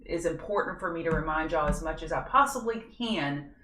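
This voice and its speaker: Low-voiced woman talking markets. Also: a little fast, fairly bright tone. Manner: chatty, self-deprecating, scattered asides. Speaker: trading show host. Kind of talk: live market analysis stream.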